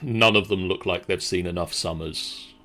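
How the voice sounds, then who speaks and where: A man narrating as game master in a tabletop game, slow and hesitant with many pauses. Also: sits low, sharp tone.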